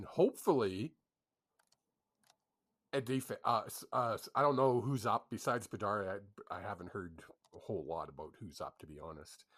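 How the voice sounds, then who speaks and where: A man's voice: on the low side, fairly bright tone, slightly rough. A man co-hosting a casual hockey podcast, swearing and laughing through the banter. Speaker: podcast co-host.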